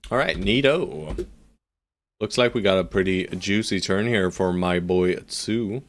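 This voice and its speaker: Low-voiced man, slow playful game commentary. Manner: playful, jokey, talks to his units; loud pitch jumps on exclamations. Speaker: streamer. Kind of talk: live gameplay commentary.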